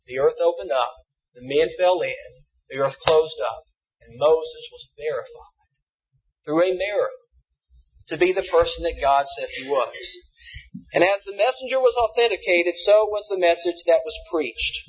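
A man's voice: fairly high pitch, moderate pace, a little hiss or hum. A man preaching a sermon, asking his listeners questions and answering them himself. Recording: dull lo-fi sound.

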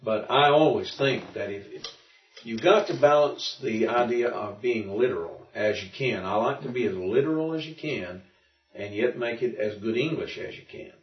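In an informal classroom, a man teaches a Greek lesson at a normal speed and a medium pitch. He explains patiently, thinking aloud and restarting often. The recording sounds muffled and roomy, picked up from far away.

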